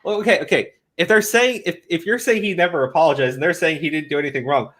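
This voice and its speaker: A man's voice: on the high side, quick pace, fairly bright tone. A man ranting casually as host of a commentary stream, profane and scornful, often repeating himself.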